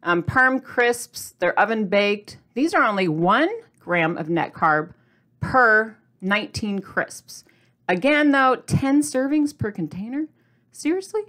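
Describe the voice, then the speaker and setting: A middle-aged woman chatting to camera as a diet vlogger, animated, asking viewers questions and laughing often. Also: mid-range voice, slow pace. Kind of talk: casual chat to camera.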